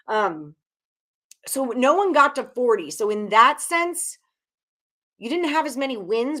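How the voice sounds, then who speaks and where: A woman's voice: mid-range voice, a bit bright. A woman hosting a sports betting live stream, chatting casually and a bit profanely as she reads viewers' picks while writing them on a whiteboard. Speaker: sports betting show host.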